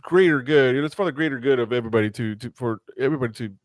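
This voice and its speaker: A man's voice: medium pitch, racing, dry recording, studio quality. A man born in Mexico hosting a podcast interview, talking passionately and rambling with many restarts. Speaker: podcast host. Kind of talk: casual interview chat.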